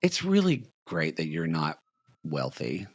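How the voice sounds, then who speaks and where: A man co-hosting a podcast, teasing his partner and breaking into excited shrieks. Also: a bass voice, unhurried, breathy edge, no echo, studio quality. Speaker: podcast co-host. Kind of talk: casual chat.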